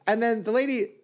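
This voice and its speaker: A young man hosting a podcast, chatting casually and telling an animated story, putting on voices for the people in it. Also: on the high side, a little hiss or hum. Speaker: podcast host. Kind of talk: casual chat.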